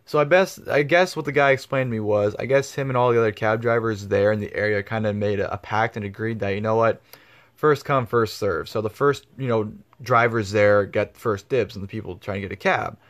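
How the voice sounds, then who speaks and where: A man's voice: on the low side, brisk, fairly bright tone. Rambling, swearing man vlogger. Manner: rambling, swears freely, many fillers. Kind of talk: casual storytelling.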